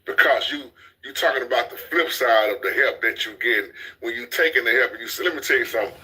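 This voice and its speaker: A man, hosting a casual commentary chat. His voice is very bright and ringing at a middle pitch. He talks bluntly and preaches, hammering the same points again and again. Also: fast, poor audio. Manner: blunt, preachy, repeats himself. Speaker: commentary channel host.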